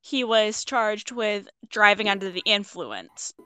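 A woman's voice: mid-range voice, expressive, slow pace, bright, forceful tone, a little hiss or hum. A young woman on a casual podcast call, reading through a true-crime case from her notes between jokes with friends. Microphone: own mic on an online call.

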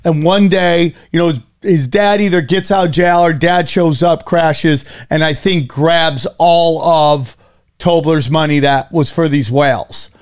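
Curious rambling man, higher pitch. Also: fairly even intonation, a little slow, smooth. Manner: rambling, curious questions with fillers. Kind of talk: casual chat.

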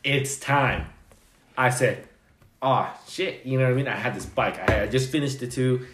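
A man's voice: medium pitch, fairly quick, reverberant. A man telling a story among coworkers, repeating words for emphasis.

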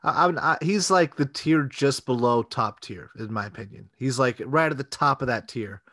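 A man's voice: medium pitch, moderate pace, pushed and bright. A man co-hosting a casual sports podcast, laid-back and agreeable, his voice dropping to a mutter when he concedes a point. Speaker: podcast co-host.

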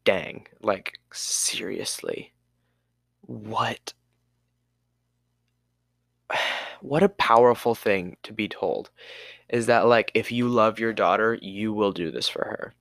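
A man's voice: lowish voice, measured pace, a bit bright, no echo, clean studio sound. A man co-hosting a podcast, casually recapping a movie in a rambling way and sometimes losing his place. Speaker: podcast co-host.

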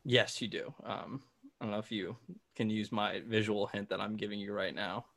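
A man's voice: fairly low pitch, level tone, moderate pace, gravelly, fairly bright tone. A young man hosting a podcast, telling a rambling story in casual chat, full of fillers and swearing. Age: young adult. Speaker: podcast host.

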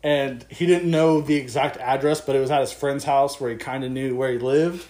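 A man's voice: mid-range voice, moderate pace. A young man co-hosting a podcast, telling a story in casual chat and acting out the voices of the people in it. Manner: animated, swearing, acts out quotes. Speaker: podcast co-host. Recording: echoey room.

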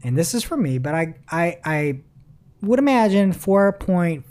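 A woman's voice: low-pitched, sing-song, moderate pace, a little mellow. A woman host in casual chat, reading articles aloud with a wry, giggly manner. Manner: giggly, wry, laughs mid-sentence. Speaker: podcast host.

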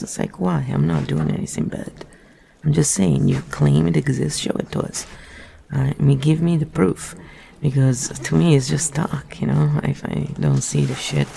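A man's voice: mid-range voice, vocal fry, dark tone, a little hiss or hum. A man reading a book aloud and breaking off into rambling, musing asides. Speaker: reader.

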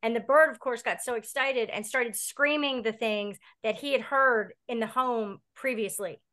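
A woman's voice: on the high side, normal speed, bright, forceful tone. A woman chatting as a podcast guest, telling long stories in a chatty way. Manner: chatty storyteller. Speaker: podcast guest, bird owner. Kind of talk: casual podcast chat.

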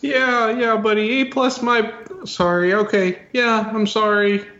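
A man's voice: high-pitched, steady tone, a little slow, sharp tone, echoey room, pitched above the performer's own voice, exaggerated voice. A man voicing a nervous, over-apologetic bullied teenage boy in a tabletop game. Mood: embarrassed. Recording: dull lo-fi recording.

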